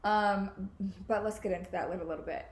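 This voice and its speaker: This podcast host is a young woman in her twenties with a medium-pitched, steady voice who talks fairly quickly. She hosts casually from home, bubbly and chatty, with plenty of laughing and swearing. The room sounds echoey through her podcast mic.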